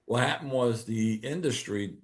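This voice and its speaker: A man's voice: medium pitch, normal speed. A man, a podcast guest telling a story and acting out the dialogue in it. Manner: animated, acts out quoted dialogue. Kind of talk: casual storytelling.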